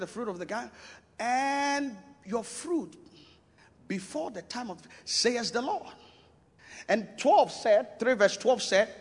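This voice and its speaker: A man preaching a sermon, emphatic and repetitive, shouting out scripture and lists of points. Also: sits high. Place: church. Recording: long reverb of a church hall.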